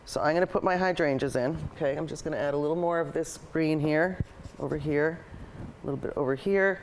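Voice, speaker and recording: Low-pitched and brisk, this woman's voice carries a faint hiss or hum. As the host and art teacher of a painting show, she runs a live lesson, eagerly chatting and musing aloud as she works on her canvas.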